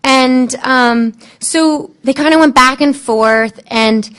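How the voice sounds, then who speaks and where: A woman's voice: sits high, clean tone. A woman on a panel telling stories from her work as an animal communicator, acting out what the animals and people said. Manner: lively, quotes animals and people in changing tones; halting, frequent fillers and restarts. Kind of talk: storytelling on a panel.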